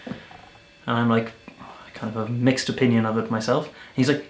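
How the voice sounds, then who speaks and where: A young Irish man telling travel stories in a casual vlog, chatty and animated, often restarting his sentences. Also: mid-range voice, moderate pace, reverberant. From Ireland. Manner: chatty, animated storyteller with self-corrections. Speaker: volunteer vlogger.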